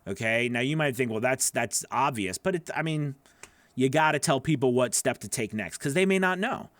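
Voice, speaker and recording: Male voice-over coach, mid-pitched, casual and encouraging live critiques full of fillers; dry, close sound at home. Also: brisk, a bit bright, dry recording. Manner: casual, encouraging, repeats phrases with many fillers. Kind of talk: live critique of freelance gig pages.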